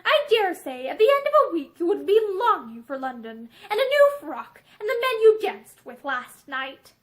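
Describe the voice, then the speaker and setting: A woman's voice: extremely high pitch, very animated, moderate pace. A woman doing a grim, hard man. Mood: reserved. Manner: level, clipped, coldly earnest.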